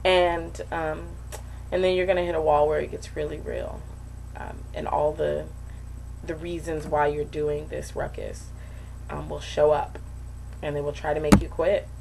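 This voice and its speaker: Woman vlogger, low and gravelly, candid and emotional, loose and rambling. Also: flat delivery, a little slow, darkish tone, a little hiss or hum, rough recording. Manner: frank, emotional, rambling with many fillers. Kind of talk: candid personal video diary.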